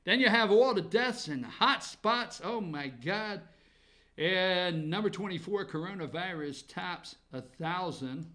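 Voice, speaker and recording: A man's voice: high-pitched, animated, measured pace, sharp tone. A man hosting a comic headline countdown from an office, sarcastic, rambling and profane. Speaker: comedy news host.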